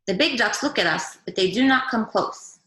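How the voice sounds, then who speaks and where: A woman teacher reading a picture book aloud to young children over a video call, gently asking them questions as she goes. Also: medium pitch, lively intonation, normal speed. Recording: echoey room.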